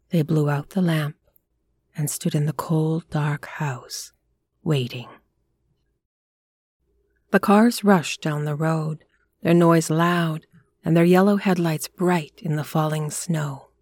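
Slow, low-voiced woman narrating a story. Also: dry recording. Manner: measured, hushed storytelling. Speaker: audiobook narrator.

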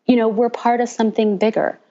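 Woman pastor, podcast guest; animated storyteller who imitates people she quotes; slightly muffled audio. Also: on the high side, fairly quick. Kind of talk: casual interview chat.

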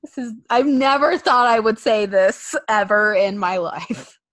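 A woman co-hosting a casual podcast, laughing often and acting out quotes in an animated way. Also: mid-range voice, unhurried, no room sound. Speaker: podcast co-host. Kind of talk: casual wrestling podcast chat.

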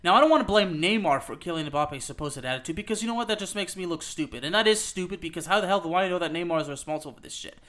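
High-voiced man ranting emphatically. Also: animated, racing, few pauses, a bit bright. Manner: emphatic, repeats "okay?" and "you know what?", swears. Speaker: podcast host. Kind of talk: soccer opinion podcast rant.

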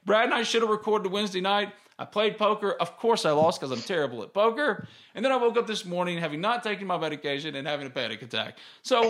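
A man's voice: high-pitched, fairly bright tone. Candid man rambling on. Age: 30s. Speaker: podcast host. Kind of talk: casual sports podcast chat.

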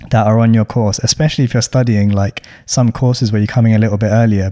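Mellow-voiced man giving casual advice. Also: medium pitch. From London. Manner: chatty, with lots of slang and fillers. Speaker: podcast host.

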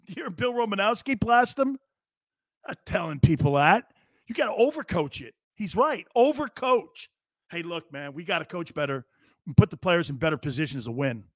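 A man's voice: high-pitched, animated, moderate pace, no room sound, clean studio sound. A man hosting a live football talk show, blunt and sarcastic, mocking coach-speak and swearing casually. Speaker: sports talk show host. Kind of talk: live sports talk monologue.

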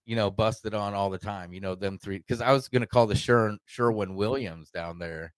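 A man from Arkansas tells a loose, swearing story in a casual podcast chat. His voice sits low, and the recording is dry and close. He slips into quoted voices as he goes. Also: moderate pace, clear, resonant tone, dry recording. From Arkansas, United States. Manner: rambling, profane, animated retelling with quoted voices.

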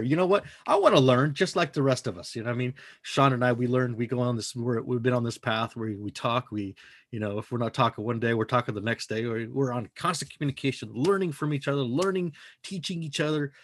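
A man's voice: medium pitch, brisk. A man co-hosting a podcast, talking in a casual, profane, emphatic way that rambles from point to point. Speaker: podcast co-host.

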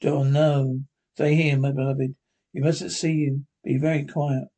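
A man's voice: medium pitch, little pitch movement, measured pace, mellow. A man playing a jumpy, secretive husband. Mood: tense. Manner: anxious, repeating himself.

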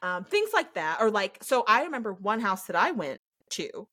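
Young woman podcast host, animated storyteller who acts out quotes and laughs a lot; casual chat, mid-pitched voice. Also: normal speed, husky.

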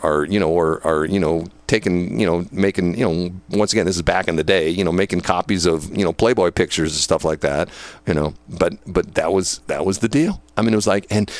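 A man's voice: low-pitched, no echo. A man and former police dispatcher telling old work stories in a rambling, casual way, full of fillers and laughter. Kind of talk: casual storytelling.

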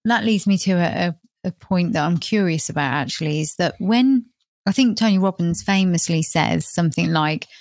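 A woman's voice: fairly low pitch, normal speed, darkish tone, dry recording, studio quality. A woman hosting a podcast, asking her guest thoughtful, probing questions. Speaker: podcast host. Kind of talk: interview conversation.

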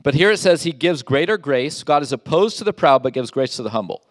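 A man's voice: a little high, animated, a little fast, no room sound, clean studio sound. Emphatic male pastor preaching. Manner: emphatic, rhetorical questions, reads scripture aloud. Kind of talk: sermon.

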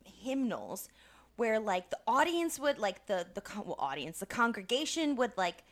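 Brief: young woman, slightly high voice, chatty podcast co-host, rambling and loose, swears freely. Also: moderate pace. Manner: rambling and animated, full of "like" and swearing. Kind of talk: casual chat.

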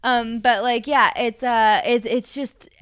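A woman's voice: on the high side, steady tone, takes it slowly, a bit bright, clear, resonant tone, dry recording, studio quality. A woman co-hosting a podcast in a casual, chatty, supportive way, swearing now and then.

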